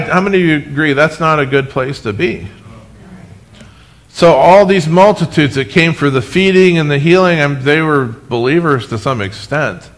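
Animated pastor preaching to his church. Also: on the high side, moderate pace. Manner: animated preaching with asides and humor, addressing the congregation. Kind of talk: sermon. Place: church sanctuary, recorded for live stream.

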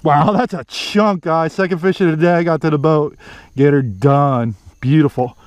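Excited fishing guy on a boat. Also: on the high side, moderate pace, slight background noise. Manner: excited, cheers on fish with stock phrases. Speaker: fishing vlogger. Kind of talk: casual on-the-water commentary. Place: outdoors on a boat in the Everglades.

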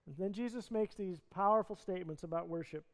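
High-voiced pastor preaching in a reverberant church. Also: male voice, quick pace. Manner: earnest storytelling, retelling scripture in conversational words. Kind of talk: sermon. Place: church sanctuary. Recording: long reverb of a church hall.

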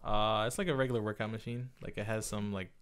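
A young man co-hosts a podcast in easygoing, casual chat. His tone is bright and forceful. He drops slang and laughs easily. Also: lowish voice, fairly even intonation, quick pace, clear, resonant tone. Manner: laid-back, slangy, laughs often. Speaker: podcast co-host.

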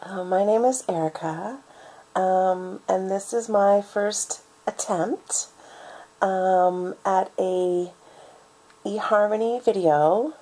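A woman's voice: medium pitch, slow, dark tone, breathy edge, low-quality recording. A young woman in a comic parody of a dating video, hesitant and full of ums, talking in an overwrought, tearful way. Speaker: online dating video maker.

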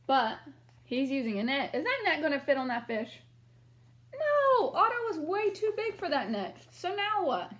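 A woman teacher reads a picture book aloud to young children and stops often to ask them questions. Her voice is high and very animated, rising and falling a lot. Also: normal speed. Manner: questioning, encouraging.

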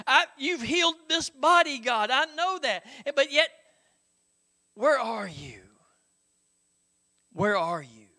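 High, bright-voiced pastor. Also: male voice. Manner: folksy, conversational preaching with frequent "Hello?" call-outs and chuckles. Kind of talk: sermon.

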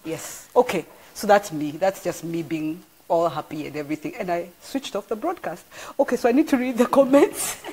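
A middle-aged woman, preaching an informal live-streamed sermon as an animated storyteller full of exclamations. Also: on the low side, normal speed, slight background noise. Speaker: church apostle.

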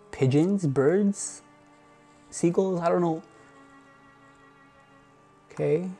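A man's voice: mid-range voice, warm tone. A man vlogging as he goes through videos on a computer, talking nervously with frequent gasps and exclamations. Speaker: YouTuber. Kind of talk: reacting to found footage on camera. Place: indoors at a computer.

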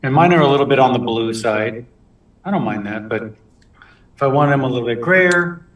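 A man talks through a watercolor demonstration in a relaxed, chatty way, stumbling and restarting as he works. He sits back from the microphone. The room rings around his voice. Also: mid-range voice, normal speed, recorded from a distance, dull audio. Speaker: watercolor instructor. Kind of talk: live painting demonstration with chat. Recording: roomy sound from off mic.

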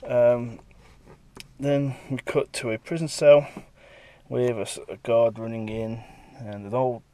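A comic artist talking casually through pages he has drawn, lively, now and then slipping into quick character voices. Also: medium pitch, no echo. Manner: lively, breaks into brief character voices while retelling scenes. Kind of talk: casual walkthrough of his own work.

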